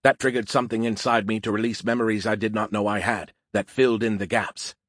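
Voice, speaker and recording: A man's voice: lowish voice, steady tone, quick pace, a bit bright, dry recording, studio quality. A man voicing Skippy, a moody beer-can AI. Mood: troubled. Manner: formal, no contractions, lecturing. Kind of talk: audiobook character reading.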